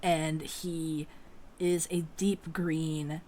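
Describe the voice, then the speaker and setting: A woman's voice: deep voice, level tone, extremely slow, warm tone, a little hiss or hum. A woman narrating a tabletop game as game master, joking about her character voices. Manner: laughs easily, jokes about her voices.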